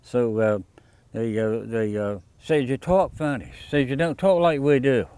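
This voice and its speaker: A man's voice: medium pitch, unhurried, a little mellow, clear, resonant tone, dry recording. A man with a tells a wry anecdote in a casual interview. The recording is dry and close, with no room sound.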